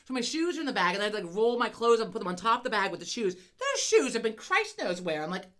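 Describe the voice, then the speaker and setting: Fast-talking, profane woman storyteller. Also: on the high side. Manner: profane, animated storytelling with laughs. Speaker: podcast co-host. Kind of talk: casual chat.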